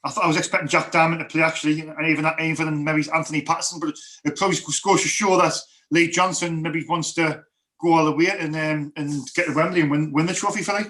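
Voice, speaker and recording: A man's voice: on the high side, fairly even intonation, fast, a bit bright. A man co-hosting a casual fan football stream, rambling through match talk with many restarts. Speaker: fan co-host.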